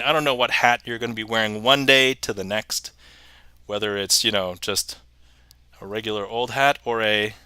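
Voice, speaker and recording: A man's voice: medium pitch, pushed and bright, clean tone, dry recording. A man hosting a casual livestream magic show, chatting, reading viewer messages aloud and chuckling often.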